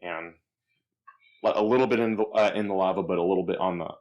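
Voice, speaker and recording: A man's voice: low-pitched, steady tone, quick pace, darkish tone, highs cut off. A man playing a tabletop game, explaining his plan in a rambling, hesitant way with many fillers. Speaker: player. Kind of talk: casual tabletop game play.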